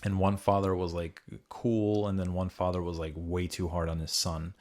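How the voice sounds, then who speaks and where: A young man hosting a casual podcast chat, swearing freely and getting animated as he makes his points. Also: moderate pace. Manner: animated, swearing freely, jumps into high mocking voices when quoting. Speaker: podcast host.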